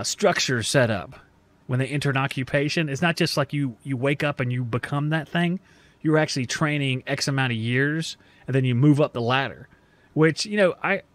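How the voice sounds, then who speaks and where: A man from the American South talks through his podcast in a loose, joking, self-deprecating ramble. His voice sits a little high for a man. The sound is close and dry, with no room behind it. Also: fairly bright tone, no echo. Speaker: podcast host. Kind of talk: casual monologue.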